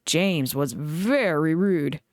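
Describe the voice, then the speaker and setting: A woman's voice: deep voice, slow, no room sound. Lady reading a kids' train story, bouncy voice, dry close mic. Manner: expressive, animated read-aloud. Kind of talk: reading a children's book aloud.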